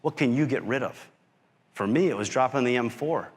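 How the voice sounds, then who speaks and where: A man giving a motivational talk as a keynote speaker, telling a story with animated energy and acting out quoted lines. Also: medium pitch, moderate pace. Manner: animated storyteller who acts out quotes and shouts. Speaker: keynote speaker, company founder. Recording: long reverb of a large hall.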